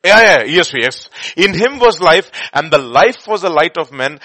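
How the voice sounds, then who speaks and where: A man preaching a sermon, quoting scripture and hymns, swinging between loud emphatic bursts and quiet murmurs. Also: on the high side, animated, normal speed, few pauses, dry recording. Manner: quotes scripture and hymn lines, chuckles between points.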